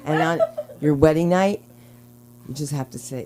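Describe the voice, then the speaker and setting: A woman's voice: deep voice, moderate pace, background noise. A woman hosting an open mic in a small comedy club, introducing acts and telling brassy, bawdy jokes between laughs. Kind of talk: stand-up emceeing.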